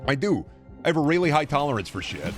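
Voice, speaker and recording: A man's voice: on the high side, big pitch swings, very fast, over music. A man ranting on a live stream, swearing constantly and sounding fed up and exasperated. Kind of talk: angry live-stream rant.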